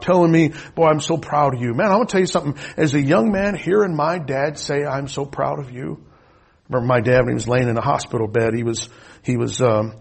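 A middle-aged man preaching a sermon, telling a personal story with deep emotion, swinging between loud and hushed. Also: gravelly, breathy edge.

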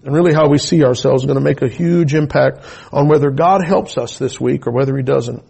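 A middle-aged man, a pastor, preaching a sermon with personal testimony and moving from quiet storytelling to shouted preaching. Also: mid-range voice, brisk, vocal fry, breathy edge.

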